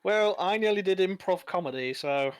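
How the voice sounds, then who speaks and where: A man's voice: high-pitched, expressive, normal speed, clear, resonant tone, no echo. An Irish man chatting and joking while streaming a video game, laughing often at his own stories. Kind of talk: casual chat over gameplay.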